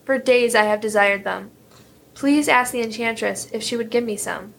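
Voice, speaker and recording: A woodcutter's wife from a storybook, full of longing and coaxing , read by a woman in a somewhat high, gravelly voice. She wheedles more than she demands. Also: normal speed, a bit bright, slight background noise. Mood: yearning.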